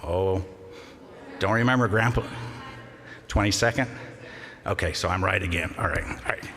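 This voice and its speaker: An older man giving a memorial eulogy, telling fond anecdotes with gentle humor. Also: sits low, normal speed. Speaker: eulogy speaker. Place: large congregation hall. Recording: long reverb of a large hall.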